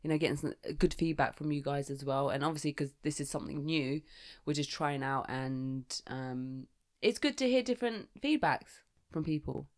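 Girl in her 20s chatting on a podcast at home, low voice, dry close sound, laughs a lot. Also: normal speed, hardly any pauses, darkish tone, no room sound. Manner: easily distracted, giggly. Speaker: podcast co-host. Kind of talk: casual chat. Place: home room by a garden window.

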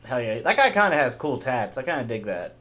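A man's voice: mid-range voice, sing-song, fairly quick, a bit bright. Crude, swearing podcast co-host guy. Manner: crude, swears a lot, laughs often. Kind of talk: casual profane chat watching TV.

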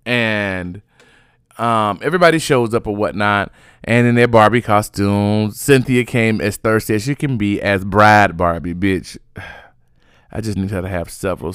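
A man giving a sassy, chatty recap of reality TV gossip, animated and full of fillers, yawning now and then. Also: on the low side, smooth, dry recording, clean studio sound. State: sleepy, yawning.

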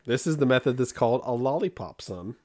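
Man telling animated stories on a podcast. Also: medium pitch, a little fast. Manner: animated storytelling with put-on quotes. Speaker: podcast co-host. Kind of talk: casual comedic chat.

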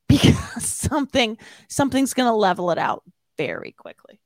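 A woman telling a self-mocking story as an interview guest, animated and laughing often. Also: fairly high pitch, fast talker, dry recording.

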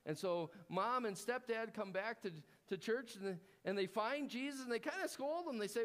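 A male pastor giving a sermon in a conversational style, with fillers and restarts, dropping low and quiet to stress key words. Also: animated, moderate pace, hardly any pauses.

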